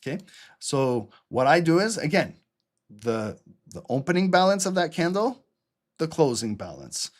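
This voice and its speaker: Male trading streamer, slightly higher voice, casual and energetic. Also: normal speed. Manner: casual, energetic, talks to viewers as guys. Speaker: trading channel host. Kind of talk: live chart analysis.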